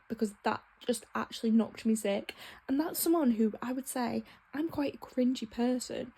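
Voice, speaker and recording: A young woman talks straight to the camera in a loose, ranting vlog style, frank and quick to swear. Her voice sits a touch high and has a breathy, husky edge. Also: a little mellow. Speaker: book vlogger. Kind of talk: casual vlog chat.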